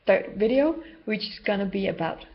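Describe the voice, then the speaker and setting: A woman talks straight to camera in an unscripted home vlog, drifting from point to point. Her voice sits in a middle pitch. The recording is dull and a little lo-fi. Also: animated, moderate pace. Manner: rambling, loosely structured. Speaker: spiritual healer vlogger. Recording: dull lo-fi home video sound.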